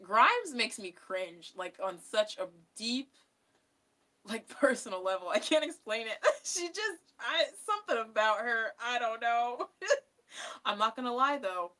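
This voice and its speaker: Bright-voiced young woman chatting casually. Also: medium pitch, expressive, normal speed. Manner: rambling, filler-heavy, laughing often. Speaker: YouTuber reading a book aloud. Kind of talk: casual vlog chat.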